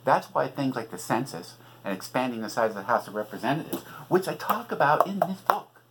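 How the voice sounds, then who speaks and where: A man's voice: medium pitch, animated, brisk, heavy background noise. A middle-aged man from California hosting a podcast, delivering an agitated, profane political rant with sarcastic asides. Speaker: podcast host and author. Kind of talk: ranting political monologue.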